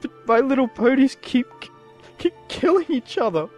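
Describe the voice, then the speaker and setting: A man's voice: big pitch swings, normal speed, soft background music. A man putting on a wailing drunk pony princess. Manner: high wailing voice, sobbing. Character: weeping drunk female pony princess, regal and distraught.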